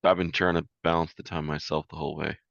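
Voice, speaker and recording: A man's voice: very deep voice, little pitch movement, quick pace, creaky, fairly bright tone, no echo. A man running a tabletop game as game master, talking casually out of game and swearing easily. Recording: dull, dry lo-fi sound.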